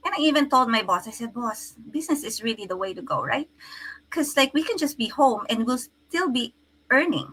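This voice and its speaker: A woman's voice: fairly high pitch, lively intonation, a little fast, a bit bright, husky, rough recording. A middle-aged woman, a physical therapist, telling her story earnestly in an interview, with frequent restarts. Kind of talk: conversational interview.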